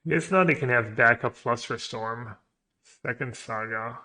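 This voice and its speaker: A man's voice: mid-range voice, measured pace. Man muttering through a card game. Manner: muttering, trailing off quietly; joking banter with chat. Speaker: streamer playing a card game. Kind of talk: thinking aloud while playing.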